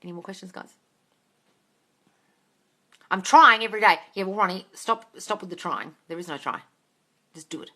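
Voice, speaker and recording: A woman reads out and answers viewer questions on a live stream. She is blunt and sweary and keeps calling people darling. Her voice sits a little low but sounds bright and forceful. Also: quick pace. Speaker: manifesting coach. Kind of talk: livestream Q&A.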